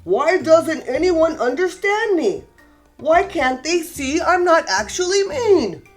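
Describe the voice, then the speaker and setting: A woman voicing a cheerful, misunderstood male dog who talks in a gruff, growling way. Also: very high-pitched, very animated, slow pace, soft background music, heavily acted. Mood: sad.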